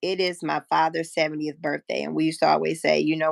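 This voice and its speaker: A woman in her fifties tells a personal story on her live stream, blunt and salty, acting out each side of a conversation. Her voice sits low with a gravelly edge, and the sound is close and dry with no room around it. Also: quick pace, dry recording. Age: 50s. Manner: frank, profane, animated storyteller who acts out quotes. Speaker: livestream host. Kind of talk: casual storytelling chat.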